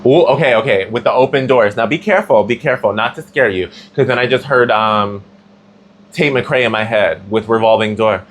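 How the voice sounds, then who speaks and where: A man's voice: medium pitch, a little fast, a bit bright, a little hiss or hum. A man giving a casual tarot reading, chatty and slangy, with plenty of filler words. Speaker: tarot reader.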